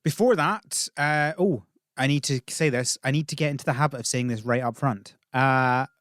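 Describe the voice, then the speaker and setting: A man's voice: mid-range voice, normal speed, fairly bright tone, dry recording. Dry-voiced wry man, podcast host. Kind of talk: casual podcast chat.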